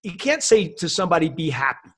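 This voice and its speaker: A man's voice: on the high side, very animated, fast, a bit bright, slightly rough. A man as a podcast guest, talking casually and upbeat, with many "you know" and "right" fillers. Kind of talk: casual conversation.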